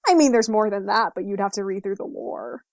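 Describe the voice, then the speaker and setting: A woman's voice: medium pitch, fairly quick, no echo. Giggly woman co-host, dry close sound. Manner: giggly, animated, playful. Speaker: podcast co-host. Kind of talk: casual gaming podcast chat.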